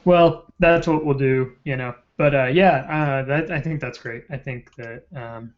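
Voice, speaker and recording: A man's voice: mid-range voice, a little slow. A man hosting a casual live-stream chat, eager and rambling, often trailing off mid-thought. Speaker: host of a political web show. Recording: dull lo-fi live-stream audio.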